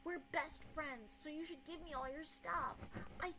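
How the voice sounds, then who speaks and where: A woman putting on the voice of a gushing, fake-sweet young female streamer, breathy and overly affectionate. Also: high voice, a little slow, sharp tone, a little hiss or hum, voice pushed up, full character voice. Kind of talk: mock streamer voice in a livestream.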